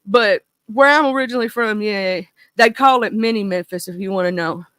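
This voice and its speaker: A woman in her thirties with a Mississippi Southern accent, hosting a casual livestream chat in a goofy, animated, rambling way. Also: medium pitch, fairly quick, no echo. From small town in northern Mississippi, USA. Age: 30s. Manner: goofy, animated, talkative, goes off on tangents. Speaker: livestream host.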